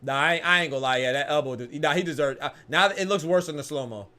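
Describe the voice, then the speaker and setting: A young man giving casual live commentary on a boxing match, slangy and excitable, often restarting sentences and laughing. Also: fairly high pitch, fast.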